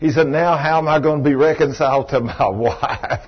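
A folksy middle-aged man with a drawl tells a story from the pulpit, acting out every quote. His voice is husky and sits a little high. The recording sounds dull and lo-fi. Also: normal speed. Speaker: preacher. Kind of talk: storytelling sermon.

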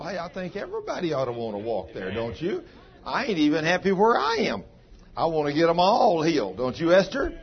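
A man's voice: a little high, slightly rough. A man pastor telling stories in a folksy, homespun sermon, with plain country grammar. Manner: folksy, ungrammatical country speech. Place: church. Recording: dull lo-fi sound.

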